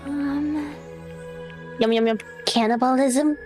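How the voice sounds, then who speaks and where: A woman's voice: high voice, steady tone, takes it slowly, over music. A woman guest streamer chatting and teasing her friend in a sassy way during a game. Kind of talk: casual let's-play chat.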